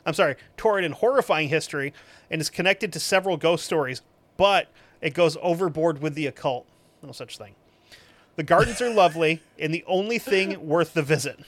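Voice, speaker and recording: A man hosting a podcast, reading reviews aloud with sarcastic, profane, deadpan asides. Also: fairly high pitch, normal speed, dry recording. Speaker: podcast host.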